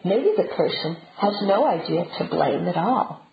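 Lively woman giving a spiritual talk. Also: lowish voice, moderate pace, vocal fry. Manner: conversational, often checks in with listeners. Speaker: Buddhist teacher. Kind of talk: dharma talk. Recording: roomy, dull and noisy.

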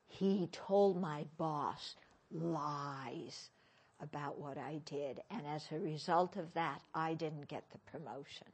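A woman teaching as a Buddhist teacher in a dharma talk, questioning her listeners with gentle humor. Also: sits low, slow pace, breathy edge.

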